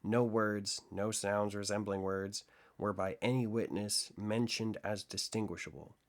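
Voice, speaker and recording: A man voicing a coolly analytical gentleman detective, laying out his deductions in a measured, lecturing way in an audiobook reading. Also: on the low side, fairly even intonation. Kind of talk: audiobook reading of classic fiction.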